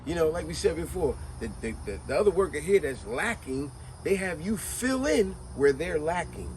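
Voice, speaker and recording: A man hosting a casual chat, telling a story in an animated, conversational way. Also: on the high side, normal speed, slight background noise, rough recording. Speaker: host.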